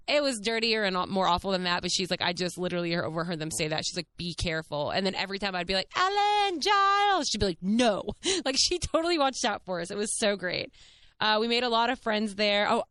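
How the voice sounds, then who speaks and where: A woman in her thirties hosting a podcast, telling a story in a chatty, animated way, laughing often and swearing casually. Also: lowish voice, smooth, no room sound. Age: 30s. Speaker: podcast host.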